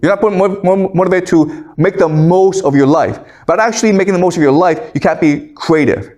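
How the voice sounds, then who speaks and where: A man's voice: high voice, a little fast, darkish tone. A man giving a classroom lecture in a conversational way, reading passages aloud and checking in with "okay?" after each point. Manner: conversational, keeps asking "okay?"; reads scripture aloud between explanations. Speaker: professor lecturing.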